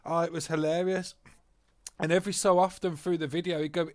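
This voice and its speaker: A man giving live commentary on his sim racing, excitable and sweary, swinging between mutters and loud outbursts. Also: on the high side, a little fast, no room sound, studio quality.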